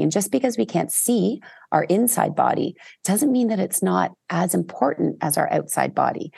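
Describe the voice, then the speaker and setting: A woman from Canada, a podcast guest, telling stories in an animated, expressive way with big swings in her voice. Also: fairly low pitch, dry recording, studio quality. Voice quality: gravelly, husky. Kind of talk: casual storytelling.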